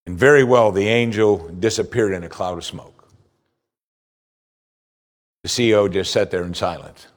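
Earnest male preacher delivering a sermon. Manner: earnest, rises in pitch for emphasis, slows for scripture reading.

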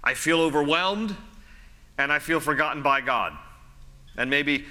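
A man's voice: on the high side, unhurried, pushed and bright. A man preaching a sermon in a conversational way, repeating phrases for emphasis. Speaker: pastor. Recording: long hall reverb.

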